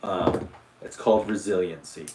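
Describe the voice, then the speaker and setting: A man's voice: sits low, steady tone, moderate pace, distant mic, very noisy. A man hosting a casual livestream, rambling and self-deprecating, with lots of fillers and restarts. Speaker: livestream host. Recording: roomy echo.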